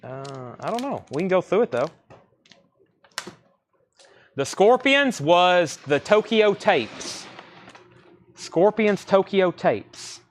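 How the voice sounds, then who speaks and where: A man hosting a live record sale stream, rattling off titles and prices with casual asides. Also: medium pitch. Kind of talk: live sales stream chat.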